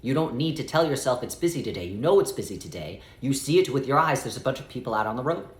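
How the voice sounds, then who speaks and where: A man giving a spiritual guidance talk, speaking as "we" in a measured way and stretching out key phrases. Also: mid-range voice, big pitch swings, roomy sound. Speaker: spiritual teacher.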